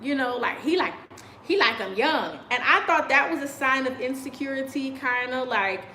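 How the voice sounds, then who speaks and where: A woman's voice: sits high, moderate pace, pushed and bright, roomy sound, slight background noise. A woman talking casually and sassily on a live video, laughing often. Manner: chatty and sassy, laughs often. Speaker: vlogger. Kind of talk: casual commentary. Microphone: video call on a choppy connection.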